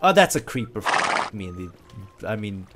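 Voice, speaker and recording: A man doing excitable let's play commentary, yelping when startled. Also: lowish voice, normal speed, loud music behind the voice. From Sweden. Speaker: gameplay commentator.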